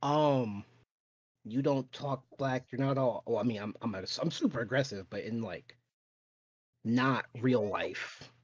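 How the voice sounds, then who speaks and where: A young man co-hosting a podcast, telling animated stories in casual chat and swearing freely. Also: medium pitch, a little slow, no room sound. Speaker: podcast co-host. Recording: dull, lo-fi, dry sound.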